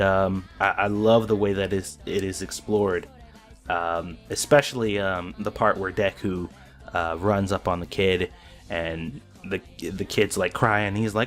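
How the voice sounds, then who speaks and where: Excited rambling man over soft music. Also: low-pitched. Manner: excited, rambling with frequent restarts. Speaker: anime reaction vlogger. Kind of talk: casual reaction commentary.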